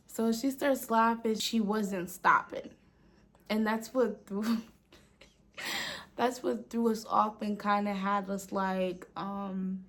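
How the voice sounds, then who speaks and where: A woman's voice: medium pitch, fairly even intonation, a little slow, a bit bright. A woman vlogger telling a storytime tale in a casual way, dropping "like" often and half-whispering at times. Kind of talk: storytime vlog.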